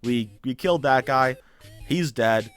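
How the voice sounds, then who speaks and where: Man playing a blunt, commanding police chief, plain voice, middle pitch. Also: a little slow, fairly bright tone, clear, resonant tone, faint music behind, close to an everyday voice. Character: gruff adult male police chief fleeing danger.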